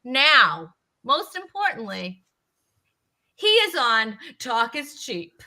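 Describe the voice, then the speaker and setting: A bubbly woman hosts a casual live-stream show, chatty and quick to laugh. Her voice is very bright and sits a little high. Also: big pitch swings. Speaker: talk show host.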